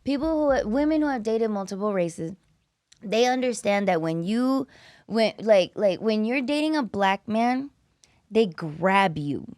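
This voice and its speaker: A woman hosting a comedy podcast, talking bluntly and profanely in a loud, animated way. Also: mid-range voice, a little slow, dry recording, clean studio sound. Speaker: podcast host. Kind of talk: candid comedic podcast chat.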